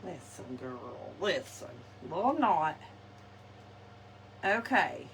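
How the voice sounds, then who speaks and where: A woman's voice: on the low side, very animated, takes it slowly, a little hiss or hum. A woman chatting to viewers while crafting live, laughing often and talking to her audience. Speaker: crafting vlogger. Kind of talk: casual live craft chat. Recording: distant mic with faint ambience.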